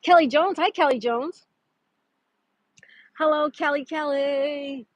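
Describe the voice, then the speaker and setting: A woman's voice: sits high, takes it slowly, dry recording. A chatty woman hosts a casual livestream outdoors in a park. She greets viewers by name and reads trivia aloud, and her voice sounds close and dry. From Florida. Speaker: livestream host.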